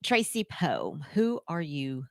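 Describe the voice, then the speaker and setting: A woman's voice: low voice, huge pitch swings, slow pace, darkish tone, dry recording, studio quality. A woman hosting a radio talk show, chatty and encouraging with many fillers. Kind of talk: casual interview chat.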